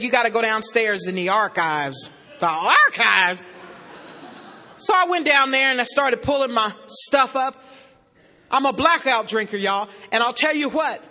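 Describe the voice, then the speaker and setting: A woman's voice: sits high, bright, forceful tone. A woman speaking at a recovery meeting, telling her own story with folksy, self-mocking humor and addressing the crowd directly. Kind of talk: humorous personal testimony to a crowd. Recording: long reverb of a large hall.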